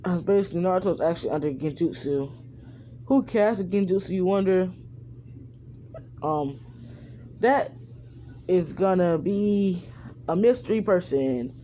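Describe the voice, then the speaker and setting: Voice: medium pitch, moderate pace, pauses often, mellow, highs cut off, a little hiss or hum. A fan storyteller improvising a story, rambling and full of fillers.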